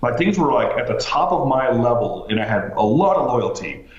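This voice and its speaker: A man telling his story as a podcast guest, animated, with lots of fillers and restarts. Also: medium pitch, moderate pace. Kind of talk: casual storytelling interview. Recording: roomy, slightly dull sound.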